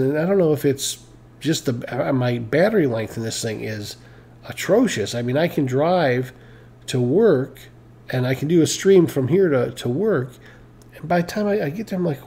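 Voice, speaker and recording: A man's voice: medium pitch, creaky, warm tone, breathy edge. A tired man chatting casually on a live stream, rambling with lots of fillers and restarts, joking about himself. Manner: self-mocking, laughs at own stories.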